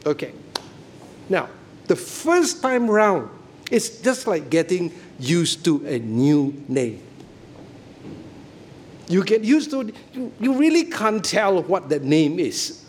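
A man's voice: high voice, big pitch swings, takes it slowly, a little mellow. A middle-aged man preaching a sermon, emphatic and often checking that listeners follow him.

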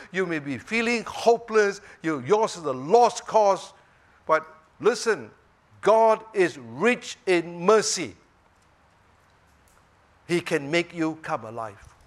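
A male preacher delivers a sermon in a high voice. He speaks slowly and emphatically. He keeps pausing to check that his listeners are following. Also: a bit bright.

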